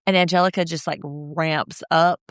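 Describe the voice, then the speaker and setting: A woman co-hosting a casual recap podcast, animated and breaking into mocking impressions. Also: low voice, normal speed, dry recording, clean studio sound. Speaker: podcast co-host.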